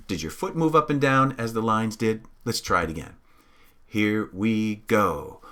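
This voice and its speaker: A man's voice: on the low side, animated, normal speed, fairly bright tone. A middle-aged man teaching a music lesson, patiently counting beats aloud and encouraging the listener to follow along.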